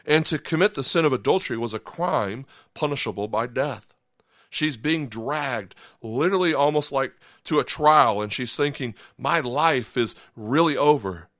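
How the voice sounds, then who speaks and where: A man's voice: medium pitch, animated, moderate pace, fairly bright tone, no room sound, studio quality. A man preaching a sermon as pastor, telling a personal story earnestly and acting out the inner voices of his listeners.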